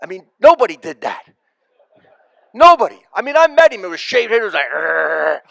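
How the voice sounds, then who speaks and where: A man's voice: very high voice, big pitch swings, a little fast, gravelly, bright, forceful tone, no echo. A man, a comedian, telling punchy, repetitive stories at a live memorial tribute. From United States. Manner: emphatic, repeats key phrases for punch. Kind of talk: stand-up storytelling at a memorial. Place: live event before an audience.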